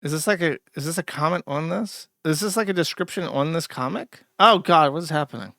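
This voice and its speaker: A man's voice: on the high side, fairly quick, gravelly, bright, forceful tone, no echo, clean studio sound. A man hosting a podcast, giving crude, profane, sarcastic commentary as he reacts to online content. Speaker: podcast host. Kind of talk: casual commentary.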